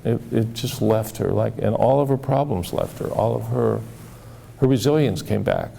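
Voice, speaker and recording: Gravelly man recounting cases. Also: mid-range voice, dark tone, a little hiss or hum. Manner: halting, repeats words, acts out quoted dialogue. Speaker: therapist. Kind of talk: storytelling talk.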